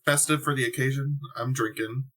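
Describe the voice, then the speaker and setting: A man co-hosting a podcast, chatting in a relaxed, rambling way. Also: mid-range voice, rough recording. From US, raised by Northerners and Kentuckians. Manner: relaxed, rambling, quick laughs. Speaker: podcast co-host. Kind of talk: casual podcast chat.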